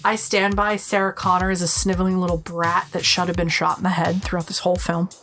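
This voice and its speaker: A woman's voice: fairly low pitch, flat delivery, fairly bright tone, soft background music. A woman in her thirties from Rhode Island with a Rhode Island accent, co-hosting a casual podcast chat, blunt and fond of swearing. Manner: blunt, swears, quick asides. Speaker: podcast co-host.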